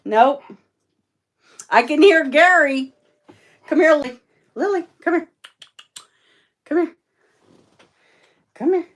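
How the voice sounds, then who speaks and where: Lady doing a chill home livestream, talks real slow, rambly and chatty. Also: animated, slight background noise. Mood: doting. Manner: chatty and rambling, with fillers and laughs; high sing-song baby talk to her dogs. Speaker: livestream host. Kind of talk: casual livestream chat. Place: at home indoors.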